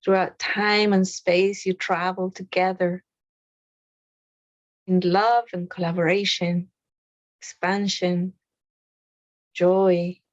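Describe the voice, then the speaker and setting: A woman leading a guided meditation, speaking softly and soothingly with long pauses between phrases. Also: on the low side, little pitch movement, no echo, lo-fi sound.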